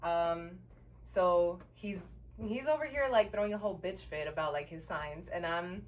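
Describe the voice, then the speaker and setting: A woman's voice: on the low side, normal speed, distant mic. A woman co-hosting a podcast, casually telling a story and acting out the people in it, swearing freely. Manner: animated storytelling, acts out the people she quotes. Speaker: podcast co-host. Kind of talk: casual chat.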